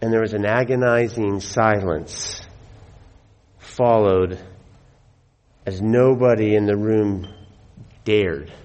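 A middle-aged man preaching a sermon, telling stories with animated delivery and slowing down to stress his points. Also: on the low side. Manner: animated storyteller, slows for emphasis. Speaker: pastor.

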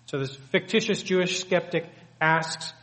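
A man's voice: sits high, normal speed, a bit bright. A man preaching a sermon, teaching earnestly and emphatically with many rhetorical questions. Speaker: pastor. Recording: long hall reverb.

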